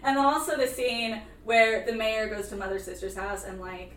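A woman with a slightly high voice joins a relaxed movie chat, laughing often. She is heard from a little away from the mic in a roomy space with faint noise. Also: normal speed, recorded from a distance. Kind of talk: casual movie discussion.

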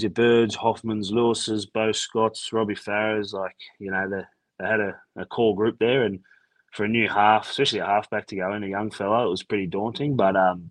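A deep-pitched Australian man spins a relaxed yarn in a dry, close-sounding recording. He is a former footballer talking as an interview guest. He fills gaps with ums and acts out old phone calls as he goes. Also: dry recording, poor audio. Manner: laid-back yarning with many fillers; retells events by acting out quoted chats. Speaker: retired rugby league player, guest. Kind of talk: casual storytelling interview.

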